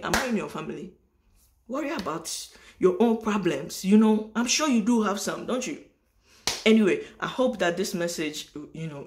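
A man talking straight to camera in a motivational vlog monologue, preachy and emphatic, with lots of rhetorical questions. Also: sits high. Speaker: vlogger.

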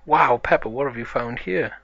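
A man's voice: medium pitch, moderate pace, vocal fry, a bit bright, highs cut off. A man voicing a heroic male superhero in a toy-play story, eager and taking charge.

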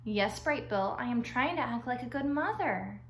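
A woman voicing a calm, polite female robot who speaks in plain, formal words. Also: fairly high pitch, moderate pace, slight background noise. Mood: earnest. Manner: formal, plain, careful wording. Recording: echoey room.

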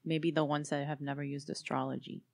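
A woman's voice: low-pitched, level tone, brisk, gravelly, a little mellow. A woman co-hosting a podcast, playful and teasing in casual chat. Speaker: podcast co-host.

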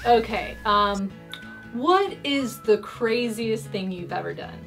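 A woman's voice: fairly high pitch, lively intonation, slow pace, fairly bright tone, faint music behind. A woman guesting on a casual YouTube interview, bubbly and giggling between answers.

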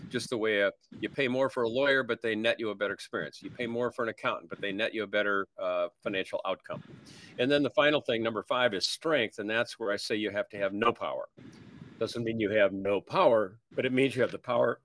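A man's voice: on the low side, fast talker, a bit bright. A man as a sales trainer guest, teaching in a seminar style. He works through numbered points and explains them with everyday examples.

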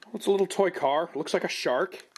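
A man with a high voice rambles through a product review at home, dry and self-mocking. He's picked up by a camera mic, with clear noise hissing under the recording. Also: brisk. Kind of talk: casual unboxing commentary. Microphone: camera microphone.

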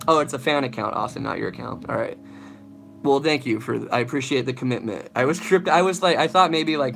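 A man's voice: medium pitch, a bit bright. A young man, a vocalist, chatting loosely and swearing while he answers live chat questions about singing. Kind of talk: casual livestream Q&A.

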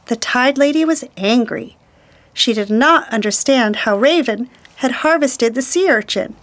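A woman storyteller reading a children's picture book aloud, slow, gentle and deliberate. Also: fairly high pitch, lively intonation.

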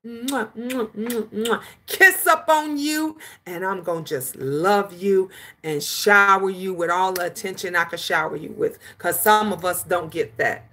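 A woman's voice: on the low side, animated, unhurried, bright, forceful tone. A middle-aged woman chatting casually on a livestream, reading viewer comments and calling people honey.

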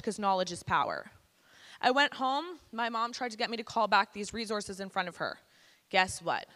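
Bright-voiced woman speaker in an echoey hall. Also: mid-range voice. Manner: candid, conversational, slangy. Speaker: guest speaker. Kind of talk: personal testimony to students. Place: school hall.

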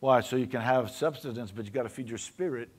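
Cajun pastor preaching with call-and-response. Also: male voice, mid-range voice, brisk, breathy edge. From Louisiana. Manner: conversational preaching, often asking the congregation for an amen. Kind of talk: sermon.

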